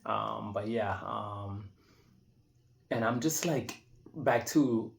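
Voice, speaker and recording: With a fairly low pitch and vocal fry, the thirtysomething vlogger talks extremely slowly indoors. His monologue is unscripted, relaxed and reflective, full of restarts and fillers as he rambles.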